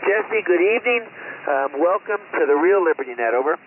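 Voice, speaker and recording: A man's voice: high voice, expressive, brisk. A man running an amateur radio net, using radio procedure and adding mocking asides while reading the news aloud. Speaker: ham radio net control operator. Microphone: radio transceiver mic. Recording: tinny two-way radio audio with noise.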